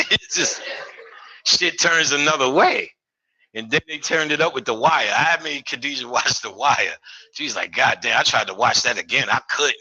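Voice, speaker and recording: A man's voice: mid-range voice, bright, forceful tone, breathy edge, low-quality recording. A man giving a live lecture, profane and streetwise, full of joking asides.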